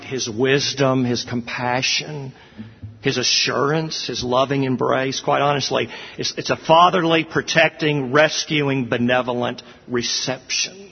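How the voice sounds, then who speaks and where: A middle-aged man preaching a sermon as pastor, earnest and rising to emphatic peaks. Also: mid-range voice. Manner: earnest, builds to emphatic peaks, says "y'all". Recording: dull, echoey church hall.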